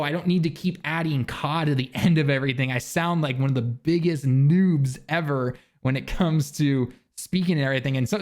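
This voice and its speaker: A young man talking casually to camera, giving loose, rambling tips for beginners with lots of restarts and fillers. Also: mid-range voice. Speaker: language learning vlogger. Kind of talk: casual instructional talk. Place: living in Japan.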